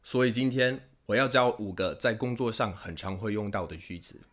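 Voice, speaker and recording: A man's voice: on the low side, fairly quick, a bit bright. American man teaching casual English. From United States. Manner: explains patiently, acts out short everyday dialogues. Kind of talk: casual language lesson.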